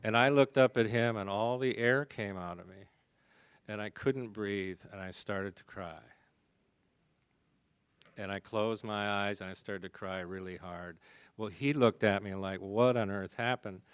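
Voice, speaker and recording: Low, smooth-voiced man telling his story. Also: fairly even intonation, measured pace, no echo. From American. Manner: humorous, confessional storytelling. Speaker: AA speaker. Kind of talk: storytelling recovery talk. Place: conference hall.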